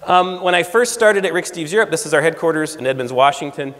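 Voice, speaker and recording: A man in his forties from the United States, a guest speaker telling stories in a lively way and acting out the dialogue. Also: fairly high pitch, fast talker. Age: 40s. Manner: lively storyteller, acts out quoted dialogue. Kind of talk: storytelling talk. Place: lecture room. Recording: reverberant lecture hall.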